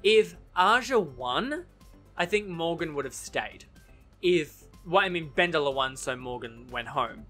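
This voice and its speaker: A man casually giving his opinions in a TV recap vlog, chatty and animated, often correcting himself mid-sentence and laughing easily. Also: on the high side, measured pace, soft background music. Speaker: TV recap vlogger.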